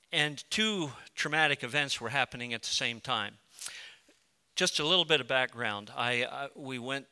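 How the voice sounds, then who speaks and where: A male pastor giving a sermon, moving between impassioned pleading prayer and quiet storytelling. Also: mid-range voice, clean tone, long reverb tail.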